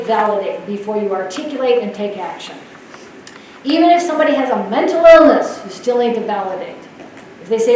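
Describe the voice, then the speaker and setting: Woman speaker, lively storyteller, heard from a distance in a roomy hall. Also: on the high side, normal speed. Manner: animated storyteller, laughs often. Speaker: nurse leadership speaker. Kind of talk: conference talk. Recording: echoey hall from far off, faint noise.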